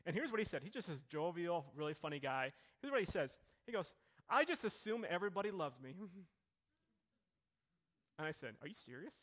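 A middle-aged man preaching a sermon to his congregation, with a conversational, questioning manner that swings between quiet and emphatic. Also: fairly high pitch, animated, normal speed, long pauses. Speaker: pastor. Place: church hall.

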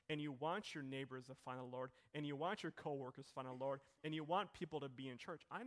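A middle-aged man preaching a sermon to his congregation, with a conversational, questioning manner that swings between quiet and emphatic. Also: on the high side. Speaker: pastor. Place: church hall.

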